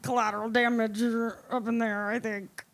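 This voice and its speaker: Higher-pitched woman, chatty and playful. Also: little pitch movement, normal speed, a bit bright. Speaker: podcast co-host. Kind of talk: casual film review discussion. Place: studio.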